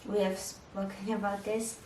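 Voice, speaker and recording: A young adult woman speaks in a mid-range, mellow voice with flat delivery and a measured pace, talking candidly to camera about motherhood and marriage in response to viewer questions. She is chatty and says "like" often. The low-quality recording has an echoey room, a mic far away and slight background noise.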